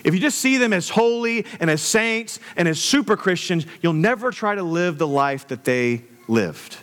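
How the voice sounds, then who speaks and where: A young man, a pastor, preaching a sermon in a conversational way with jokey asides and animated emphasis. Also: high-pitched, moderate pace.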